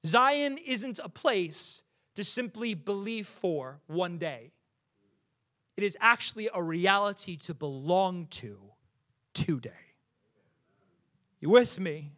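A man's voice: sits high, takes it slowly, long pauses. A young man from New Jersey with a New Jersey accent, preaching a sermon and telling stories with frequent restarts. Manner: animated storytelling with frequent restarts. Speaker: pastor.

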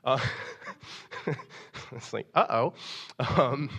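A young man preaching a sermon, reading scripture and telling a personal story, acting out quoted lines in a raised, animated voice. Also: mid-range voice, normal speed. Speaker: pastor.

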